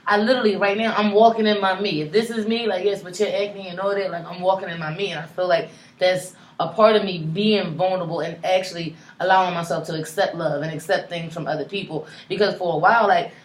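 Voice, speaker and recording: A woman co-hosting a casual podcast chat, emphatic and animated, swearing freely. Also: lowish voice, quick pace. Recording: echoey room with faint noise.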